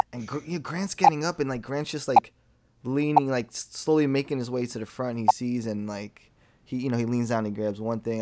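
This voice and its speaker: A man telling a story in casual chat, animated and profane, acting out what people said. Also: mid-range voice, very noisy. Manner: animated, profane, acts out quotes.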